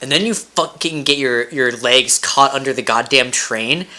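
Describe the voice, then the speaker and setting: A podcast co-host recapping a game's endings in casual chat, telling it with blunt, excitable certainty. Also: medium pitch, moderate pace.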